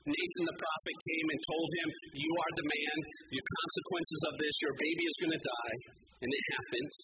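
Animated male pastor preaching a sermon. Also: a little high, fairly quick, very noisy. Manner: animated storytelling, acts out quoted voices.

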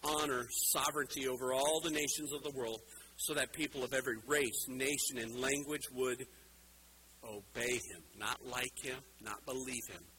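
A middle-aged man preaching a sermon with emphatic rhetorical questions, swinging between loud and soft. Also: mid-range voice, steady tone, moderate pace, slight background noise, rough recording. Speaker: pastor.

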